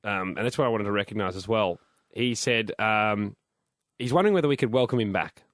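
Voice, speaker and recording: Halting guy reading out a listener email on a comedy podcast, dead dry mic. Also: on the low side, no echo. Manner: halting, full of ums and restarts. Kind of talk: casual comedy chat.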